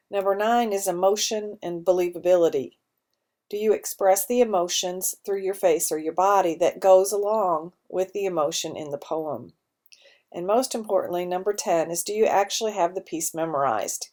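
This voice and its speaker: A woman teacher giving students an instructional talk on contest rules, laying out each judging criterion clearly and step by step. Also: fairly low pitch, darkish tone. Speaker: school teacher explaining a speech contest. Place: school media center.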